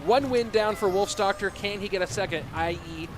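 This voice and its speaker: A young esports caster with a high-pitched voice talks fairly quickly over background music. He covers a live match, jokes around, and answers viewer questions from chat between plays.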